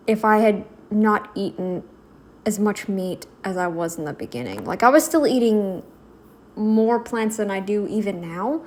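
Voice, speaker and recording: A woman's voice: mid-range voice, slight background noise. A woman hosting a reaction video, talking back at the screen with indignant, emphatic commentary.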